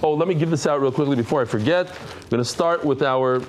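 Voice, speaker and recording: A middle-aged man with a somewhat high voice runs a Talmud class in a study hall. He chats casually with the room, jokes with people, and rattles off lists of names at speed. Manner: chatty, joking, reads names quickly. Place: study hall with a live audience.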